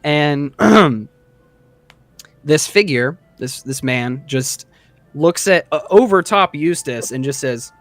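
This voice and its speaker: A man's voice: on the high side, lively intonation, takes it slowly, no echo, faint music behind. A man narrating a tabletop game as game master, casual and rambling with many fillers.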